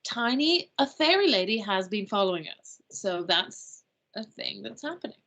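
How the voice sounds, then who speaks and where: A woman playing a tabletop game, chatty and eager, with halting fillers. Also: mid-range voice, very animated, sharp tone, a little hiss or hum. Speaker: player. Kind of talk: casual tabletop game chat.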